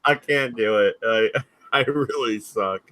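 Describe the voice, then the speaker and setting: A man's voice: fairly low pitch, measured pace, sharp tone, dry recording. A man hosting a casual group podcast, joking around, laughing often and trying out silly accents. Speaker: podcast host.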